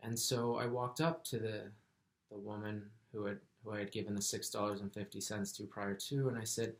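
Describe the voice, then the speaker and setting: A man telling a personal story in a soft-spoken, earnest, reflective way. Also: on the low side, level tone, moderate pace. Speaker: vlogger.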